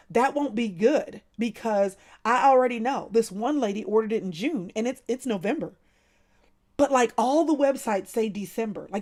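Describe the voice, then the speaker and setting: Woman host, casual livestream chat, animated and laughing, fairly high voice. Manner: animated, laughs often, talks to viewers by name.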